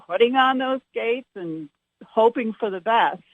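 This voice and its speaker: A woman with a New York accent, a ballet teacher guest on a radio interview, eager and quick to agree. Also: fairly high pitch, animated. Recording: dry, phone-like narrow band.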